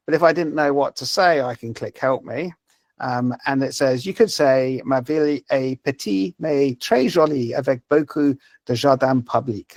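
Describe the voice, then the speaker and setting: A man's voice: mid-range voice, no room sound. A man presenting a language-learning app in a live webinar, talking over a video call with many fillers and restarts. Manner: hesitant, many fillers and repeated words.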